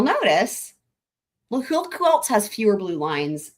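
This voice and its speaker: A woman hosts a casual livestream in a mid-range, very animated voice at a measured pace. She rambles and laughs as she chats with viewers, her speech carrying a lilt.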